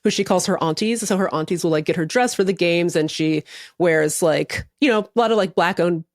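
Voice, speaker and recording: A woman co-hosting a podcast, chatting casually in a wry, deadpan way with some swearing. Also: lowish voice, brisk, no echo, clean studio sound. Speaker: podcast co-host.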